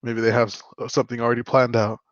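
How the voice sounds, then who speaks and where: A man's voice: medium pitch, little pitch movement, quick pace, no room sound, muffled recording. A young man in casual podcast chat, rambling through a story with many fillers. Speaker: podcast co-host.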